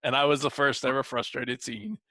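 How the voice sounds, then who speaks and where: A man's voice: medium pitch, little pitch movement, brisk, bright, forceful tone, no echo. A man interviewing a musician in loose, casual chat, swearing freely and laughing often.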